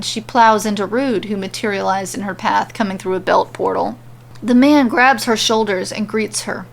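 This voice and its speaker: A woman podcaster reading fan fiction aloud in a steady, lightly wry narration. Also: mid-range voice, creaky. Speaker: podcast storyteller.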